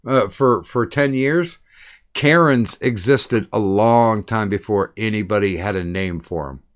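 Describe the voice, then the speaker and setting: A man's voice: lowish voice, unhurried. A man hosting a livestream in casual chat, rambling and repeating words as he starts his sentences, over an online voice chat. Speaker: livestream host.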